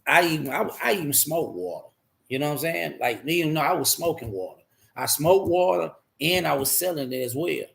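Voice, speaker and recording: A man's voice: a little high, animated, brisk, creaky. A man candidly telling his life story in a rambling, profane way, repeating himself as he goes.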